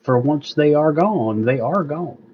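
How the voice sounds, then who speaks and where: A man's voice: on the high side, expressive, measured pace, husky. A man voices a fussy, excessively courteous shopkeeper who speaks in stiff, old-fashioned phrases. His tone stays proper and formal. The audio is dull and lo-fi. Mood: salesy. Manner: stiff, archaic politeness. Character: overly formal polite shopkeeper man, prim.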